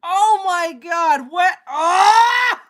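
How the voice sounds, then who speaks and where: A woman doing casual gaming reaction commentary, excitable, swearing and often shouting. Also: very high voice, drawn-out words, a little hiss or hum. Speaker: YouTuber reacting to videos. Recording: voice with music playing behind. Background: clear music.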